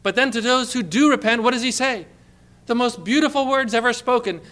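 A man preaching a sermon with passion, dropping to a hushed tone when quoting scripture. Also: very high voice, a little fast.

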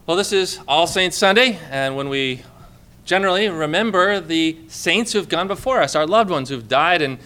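Bright, clear-voiced male pastor preaching. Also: on the high side. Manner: conversational preaching with many rhetorical questions, asks for amens. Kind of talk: sermon. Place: church with a congregation.

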